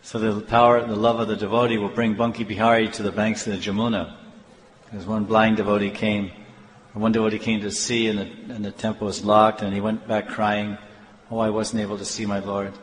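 A man telling devotional stories in an animated sermon, with halting restarts. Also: on the low side, slight background noise. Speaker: devotional storyteller. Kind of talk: storytelling sermon. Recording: echoey hall, faint ambience.

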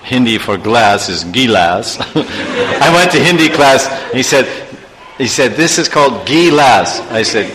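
A man's voice: mid-range voice, measured pace, big-room sound, a crowd in the background, rough recording. A man teaching a sermon through a story, with chuckling asides and chanted verses. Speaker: spiritual teacher.

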